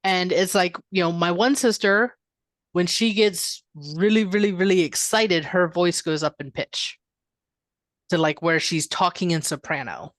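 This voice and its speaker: A woman co-hosting a podcast, calm and reflective, explaining her thoughts in casual chat. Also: on the low side, unhurried, no room sound, clean studio sound. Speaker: podcast co-host.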